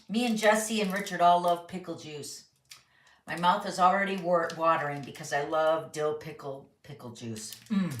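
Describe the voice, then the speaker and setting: A woman's voice: fairly low pitch, a bit bright, roomy sound. A woman hosting a live papercraft chat, talking bubbly and casual while reading viewer comments in her home craft studio. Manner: chatty, bubbly, reads comments aloud. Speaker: papercraft host.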